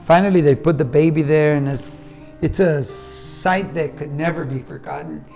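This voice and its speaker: A man's voice: a little high, normal speed, creaky, music in the background. A middle-aged man, a husband and father, in casual storytelling chat, acting out the lines he quotes. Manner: animated storyteller who acts out quoted lines with bursts of loudness.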